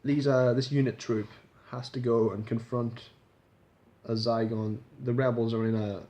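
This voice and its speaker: A man's voice: mid-range voice, level tone, unhurried, dark tone. A man casually reviewing a TV episode in a rambling vlog, swearing freely and restarting his sentences. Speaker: video reviewer.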